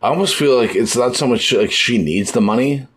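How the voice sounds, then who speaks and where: A man's voice: mid-range voice, fairly quick, a little hiss or hum. A young man co-hosting a podcast in casual chat, loose and profane, animating scenes with sudden voice shifts. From United States. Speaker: podcast co-host.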